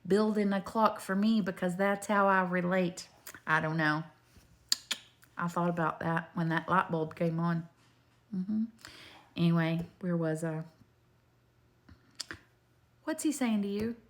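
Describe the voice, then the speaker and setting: A woman's voice: fairly low pitch, fairly even intonation, a little slow, long pauses. An older woman, talking straight to her viewers in a rambling, homespun faith video full of digressions. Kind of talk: rambling faith testimony to camera.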